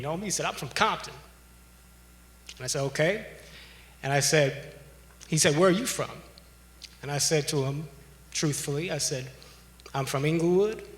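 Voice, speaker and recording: A man from Los Angeles telling a personal story to an audience, relaxed and conversational with frequent ums. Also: on the high side. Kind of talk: storytelling speech. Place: large hotel ballroom. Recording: echoey ballroom.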